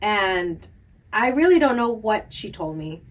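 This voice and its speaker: A woman co-hosting a podcast, telling a personal story in a casual, animated way with lots of fillers. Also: mid-range voice, a little slow, recorded from a distance, poor audio. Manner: animated storyteller, filler-heavy, laughs often. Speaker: podcast co-host.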